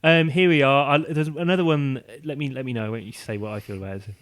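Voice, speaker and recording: A man's voice: medium pitch, quick pace, fairly bright tone. A man co-hosting a podcast, chatting in a wry, opinionated way as he reads things out. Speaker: podcast co-host. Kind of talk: casual chat.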